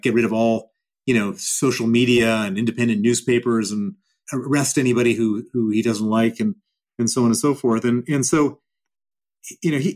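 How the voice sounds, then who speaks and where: A middle-aged man answering interview questions in a blunt, emphatic way, repeating phrases for stress. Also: medium pitch. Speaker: guest.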